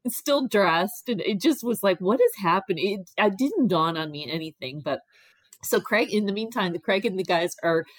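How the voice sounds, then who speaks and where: A woman's voice: medium pitch, normal speed, dry recording. A middle-aged woman casually telling a long personal story, acting out the people she quotes. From Ohio. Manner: animated, acts out quoted voices. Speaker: guest telling her story.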